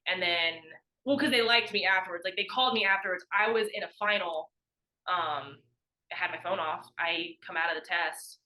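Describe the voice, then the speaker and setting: In a casual storytelling interview, a young adult woman who played college sports talks as a podcast guest with a lowish, pushed, bright voice at moderate pace. The recording is rough, and she chats easily, says "like" a lot, and imitates quoted speakers.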